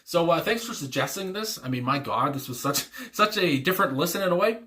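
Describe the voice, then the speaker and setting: A man's voice: a little high, lively intonation, fairly quick, pushed and bright. A man hosting a music reaction video, talking casually in a rambling way with many fillers, restarts and chuckles. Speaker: music reaction channel host. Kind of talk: casual spoken reaction commentary.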